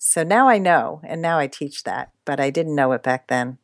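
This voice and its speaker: A middle-aged woman, a dating coach, telling personal stories in an interview, animated and laughing often. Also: normal speed, vocal fry, no echo. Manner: animated, laughs often, expressive pitch swings. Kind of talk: interview storytelling.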